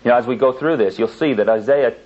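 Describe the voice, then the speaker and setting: A man's voice: mid-range voice, fast, darkish tone. Emphatic male preacher on old tape. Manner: emphatic, insistent, repeats key points. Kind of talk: sermon with scripture reading. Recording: dull lo-fi tape recording.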